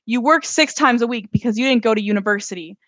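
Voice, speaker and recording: A woman voicing an angry sixteen-year-old girl who argues with her mother, pleading and then shouting. The voice is close and dry. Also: fairly high pitch, fast talker, dry recording, close to an everyday voice. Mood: furious.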